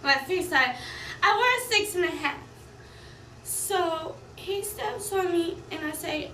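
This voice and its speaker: Upset high-voiced young woman. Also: expressive, bright, forceful tone, reverberant, recorded from a distance, a little hiss or hum, poor audio. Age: young adult. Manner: rushed, upset retelling. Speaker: college student. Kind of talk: recorded personal account.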